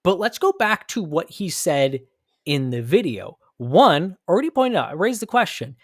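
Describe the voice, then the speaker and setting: A man's voice: sits high, sing-song, normal speed, no room sound, studio quality. An American man hosting a commentary podcast, arguing his points emphatically and thinking aloud with frequent restarts. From United States. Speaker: podcast host.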